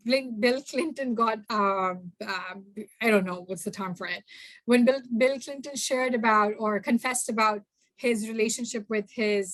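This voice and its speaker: A young woman giving a workshop talk, addressing the audience directly in an animated way. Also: on the high side, dry recording. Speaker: workshop speaker. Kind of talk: workshop talk mixing two languages.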